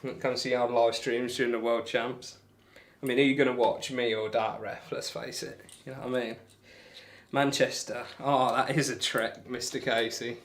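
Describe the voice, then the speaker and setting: Bloke on a darts stream chatting away, rambly and friendly, mid-pitched voice. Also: male voice, fairly even intonation, normal speed, noisy background. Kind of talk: casual live-stream chat reading comments. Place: home room while throwing darts.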